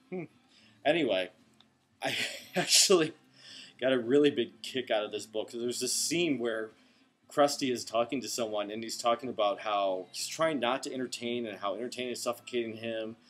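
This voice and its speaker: A man's voice: mid-range voice, husky. A man who runs a comic shop, reviewing comics in a chatty, rambling way late at night, tired but enthusiastic. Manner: chatty, enthusiastic, goes off on tangents.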